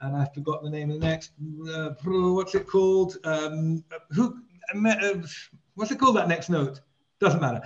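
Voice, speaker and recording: A man leading a scripture reading class, chatty and full of repeated words, switching between talk and chanting Hebrew verses over a video call. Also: a little high. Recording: dull lo-fi audio.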